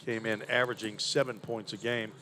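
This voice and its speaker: A man's voice: on the low side, little pitch movement, fairly quick, pushed and bright. Man, play-by-play basketball caller, chatty, faint gym noise behind. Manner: conversational, thinks aloud about stats. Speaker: play-by-play announcer. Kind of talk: live basketball commentary.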